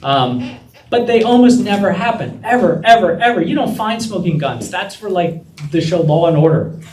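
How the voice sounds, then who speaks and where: Animated storyteller in an echoey room. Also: male voice, high voice, normal speed, far from the mic, slight background noise. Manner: animated storyteller acting out quoted dialogue. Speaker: guest speaker. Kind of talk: storytelling talk to law students. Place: lecture room.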